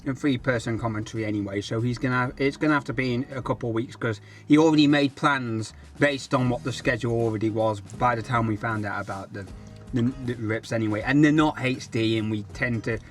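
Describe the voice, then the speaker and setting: A man's voice: mid-range voice, steady tone, a little fast, soft background music. English man explaining things in casual chat. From England. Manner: explains plans with many fillers and restarts. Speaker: co-host of a reaction channel.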